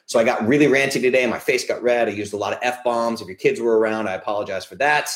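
A man's voice: medium pitch, quick pace, echoey room. Fired-up ranting male podcast host. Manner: energetic, ranting, swears freely. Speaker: podcast host and nutritional therapist. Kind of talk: casual live-stream chat. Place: home, at a laptop. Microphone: laptop mic.

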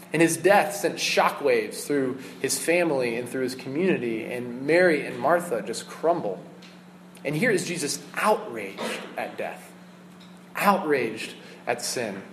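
A man's voice: a little high, a little hiss or hum, low-quality recording. A man in his thirties preaching a sermon in an earnest, conversational way, with frequent fillers. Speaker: pastor.

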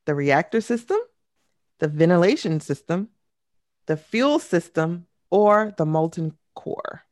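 A woman hosting a casual trivia podcast who laughs often and reads out questions slowly. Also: fairly low pitch, expressive, darkish tone, no room sound, studio quality. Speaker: trivia quiz host.

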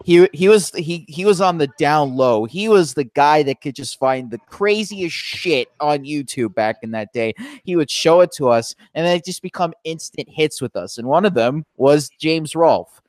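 A man's voice: fairly high pitch, moderate pace, hardly any pauses, dry recording. A young man co-hosting a podcast, telling stories in casual chat, laughing often and acting out quotes. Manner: animated storyteller, laughs often, acts out quotes. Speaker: podcast co-host.

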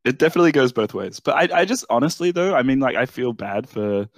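A man's voice: medium pitch, animated, fast talker, no room sound. A young man from Australia, calling in to a casual esports discussion and talking in a rambling way with lots of fillers. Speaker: caller.

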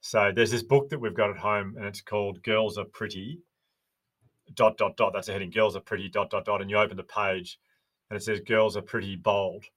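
Australian man, podcast guest, earnest storyteller, lowish voice. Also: steady tone, fairly quick, fairly bright tone. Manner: earnest, storytelling with quoted dialogue. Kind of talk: casual chat.

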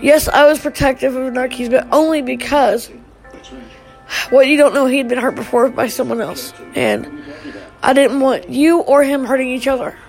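A middle-aged woman speaks in a high, fry-laced voice during a live stream. Her message to her family is emotional and halting, broken by sighs and restarts. The gravel in her voice sits under a voice pitched well above most women's. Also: steady tone, soft background music, poor audio.

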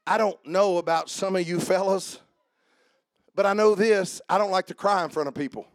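A man preaching a sermon as pastor, shifting between shouted, rhythmic runs and a lower conversational tone, with jokes for the congregation. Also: moderate pace, dry recording. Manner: joking with the congregation.

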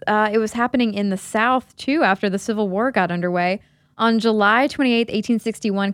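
A woman's voice: fairly high pitch, no echo. Wry woman podcast co-host. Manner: wry, dry humor. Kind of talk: casual history chat.

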